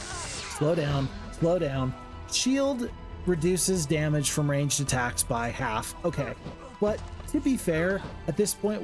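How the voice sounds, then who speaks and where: Chatty man doing gameplay commentary. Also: fairly high pitch. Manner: chatty, jokey, excitable outbursts. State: tired, late at night. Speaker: gaming commentator. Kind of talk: casual let's-play commentary.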